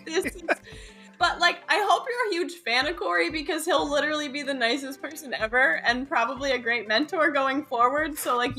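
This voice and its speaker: A woman co-host chats in a bubbly, excited way with lots of "like". Her voice is high and bright, and faint music plays underneath. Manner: bubbly, enthusiastic, says "like" a lot. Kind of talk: casual chat.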